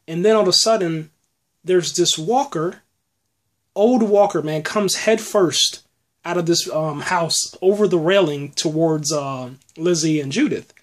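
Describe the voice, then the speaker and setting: A man hosting a casual podcast episode review, rambling in an animated way with lots of restarts. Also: on the high side, unhurried. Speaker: podcast host.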